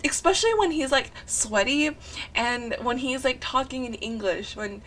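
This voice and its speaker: A young woman talking over her drawing video, gushing and rambling excitedly with sighs and lots of "like". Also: high-pitched, normal speed, slight background noise. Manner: rambling and breathless, often saying "like". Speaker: artist narrating a drawing video. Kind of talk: casual chat voice-over.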